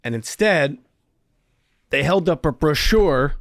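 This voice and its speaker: A man hosting a podcast, telling animated, wry stories about his life in comic storytelling style. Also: on the high side, slow, long pauses, no room sound, clean studio sound. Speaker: comedian podcast host.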